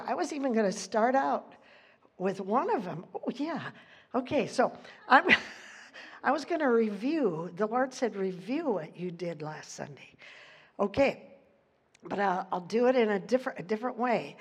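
A woman's voice: a little high, lively intonation, moderate pace, husky. A woman giving an informal, chatty sermon, laughing often and losing her place in the text, leaning hard on key words. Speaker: preacher.

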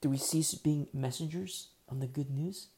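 Gravelly-voiced preacher man. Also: on the high side, moderate pace. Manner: emphatic and repetitive, dropping to near-whispers then rising loud. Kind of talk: sermon.

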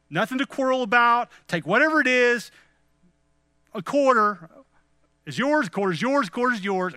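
A man's voice: high voice, pushed and bright, no room sound. A man preaching a devotional message in an earnest way, often turning to his listeners as friends.

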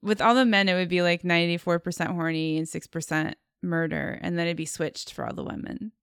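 A woman's voice: on the low side, little pitch movement, a little fast, smooth, no room sound, studio quality. A woman co-hosting a movie podcast in casual chat, giggly and rambling with many fillers. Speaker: podcast co-host.

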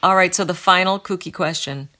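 A woman hosting a casual interview, asking questions with quick, humorous reactions. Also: lowish voice, pushed and bright. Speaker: host.

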